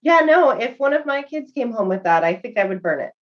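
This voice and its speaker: A woman's voice: a little high, big pitch swings, a little fast, slight background noise. A woman speaking as a guest in a casual chat, friendly and upbeat. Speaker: guest competitive eater. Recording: dull lo-fi sound.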